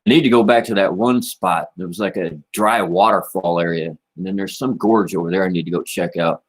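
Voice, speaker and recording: A man's voice: low-pitched, fairly quick. A man hosting a casual livestream, talking in a laid-back, rambling way and dropping "man" and "you know" often. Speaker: livestream host.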